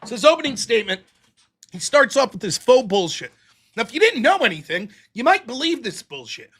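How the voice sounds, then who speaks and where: A man's voice: very high-pitched, sing-song, a little fast, a bit bright, slightly rough. A man hosting a live stream, ranting in a heated, profane, sarcastic way and mocking others in put-on voices. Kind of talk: ranting commentary.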